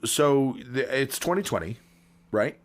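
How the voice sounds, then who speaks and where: A man's voice: medium pitch, lively intonation, measured pace. A man co-hosting a podcast, telling long pun setups in a rambling way with many ums and restarts. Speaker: podcast co-host. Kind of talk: casual comedic chat.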